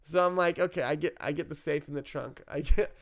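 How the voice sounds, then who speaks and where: Man, somewhat high voice with a gravelly edge, casual storyteller, self-mocking, laughs a lot, swears freely. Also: a little fast. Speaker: storyteller recounting his addiction.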